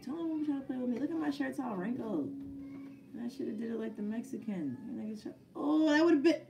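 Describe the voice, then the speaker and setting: A woman's voice: fairly high pitch, lively intonation, quick pace, creaky, recorded from a distance. A woman battle rapper answering viewer questions in a casual live chat, blunt and swearing freely, often laughing.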